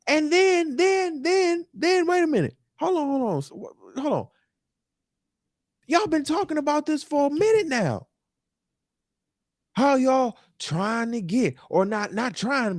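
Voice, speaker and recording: Heard in a clean, echo-free studio recording, a young man with an extremely high-pitched voice hosts a sports talk show out of New York. As a podcast host, he rants with exasperation, hammering his points emphatically and repeating himself.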